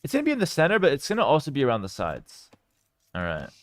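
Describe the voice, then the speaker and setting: A young man casting a strategy game live and chatting with his viewers, with sudden bursts of excitement. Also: medium pitch, fast talker, no room sound. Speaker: game streamer and caster. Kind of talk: live game commentary with chat.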